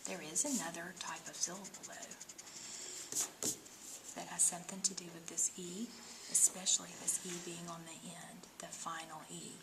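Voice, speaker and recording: A woman teaching phonics one-on-one, patiently sounding out syllables and often dropping to a soft whisper. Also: lowish voice, little pitch movement, moderate pace, gravelly, very noisy. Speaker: reading teacher.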